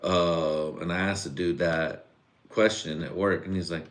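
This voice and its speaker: A man with a very low, deep voice rants loosely on a live podcast stream. He sounds a little drunk, and he rambles, swears freely and breaks into laughter as he goes. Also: measured pace. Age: adult father and husband. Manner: rambling, profane, laughs often. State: tipsy. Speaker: podcast host. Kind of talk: casual live-stream rant.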